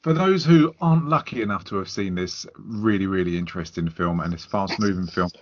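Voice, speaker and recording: Low-voiced sarcastic male podcast host. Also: fairly quick, muffled recording. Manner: teasing, sarcastic, gossipy. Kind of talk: casual film review chat.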